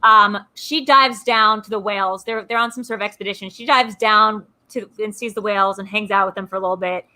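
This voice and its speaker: Fast, bright-voiced woman co-host. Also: mid-range voice. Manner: animated, acts out quotes in exaggerated voices. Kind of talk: casual movie discussion.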